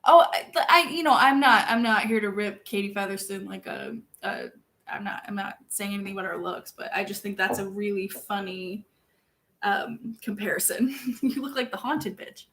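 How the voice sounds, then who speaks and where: A young woman chatting casually with her viewers, self-deprecating and laughing often, jumping from loud outbursts to quiet mumbles. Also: mid-range voice, normal speed. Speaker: streamer reading viewer chat. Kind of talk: casual chat.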